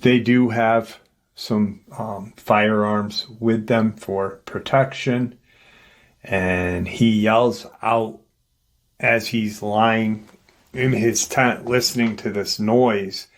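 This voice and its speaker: Slow, low-voiced man retelling an eerie story. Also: steady tone, a little hiss or hum. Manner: unhurried, hesitant, with many fillers and restarts. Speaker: paranormal storyteller, channel host.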